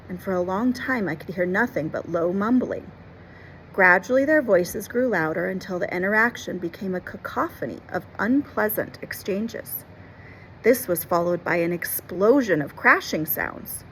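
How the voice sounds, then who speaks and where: A woman reading a classic adventure novel aloud, expressively, pausing to explain words and events for children. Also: mid-range voice, a bit bright, a little hiss or hum, low-quality recording. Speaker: storyteller and teacher.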